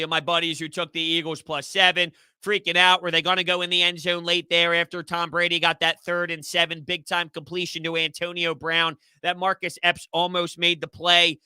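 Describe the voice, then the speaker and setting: A man's voice: fairly high pitch, bright, forceful tone, clear, resonant tone, no echo, studio quality. A young man hosts a sports live stream, chatting loosely and reading viewer comments with easy laughs. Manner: chatty, rambling, laughs easily. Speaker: sports YouTube host.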